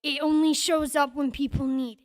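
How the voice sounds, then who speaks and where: A woman voicing a brash, crude, chain-smoking shopkeeper mother in a tabletop game, talking loud and slangy. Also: sits high, flat delivery, fairly quick, lightly acted.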